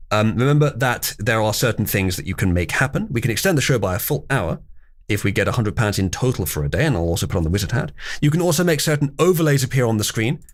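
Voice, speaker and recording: A man hosting a livestream, chatting casually and rambling with wry asides to his chat. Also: medium pitch. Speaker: livestream host.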